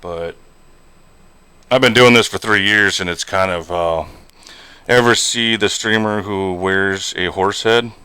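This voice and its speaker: Low, smooth-voiced man chatting while streaming. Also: unhurried, long pauses, pushed and bright, no echo. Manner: rambling, heavy on fillers and "you know". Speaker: game streamer and truck driver. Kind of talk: casual live-stream chat while gaming.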